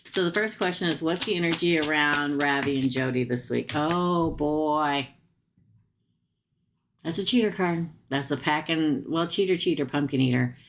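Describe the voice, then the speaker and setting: A woman with a notably low voice reads tarot live for her viewers. She talks casually and bluntly, tossing in slangy asides. A faint hiss sits under her voice. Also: moderate pace. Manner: chatty, talks straight to viewers and comments. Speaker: tarot reader. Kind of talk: live-stream tarot reading.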